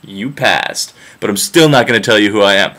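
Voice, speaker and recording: A man's voice: on the low side, fairly quick, pushed and bright, voice pushed down. A man voicing a wily male hero in a casual, slangy comic retelling. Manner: casual dude-speak. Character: wily disguised male hero, laid-back.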